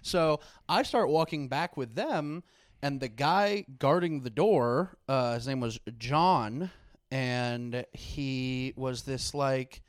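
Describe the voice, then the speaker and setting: A young man telling a personal story in casual chat, animated and profane, acting out the people he quotes. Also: medium pitch, slow pace, dry recording, clean studio sound. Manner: animated, swearing, acts out quoted voices.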